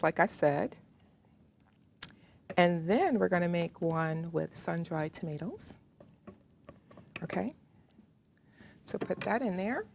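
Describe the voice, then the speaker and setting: A woman hosting a home cooking demo speaks with a Southern American accent in a lowish voice that's creaky and a little mellow. She's chatty, talking to the viewer while working in her kitchen, with slight background noise present.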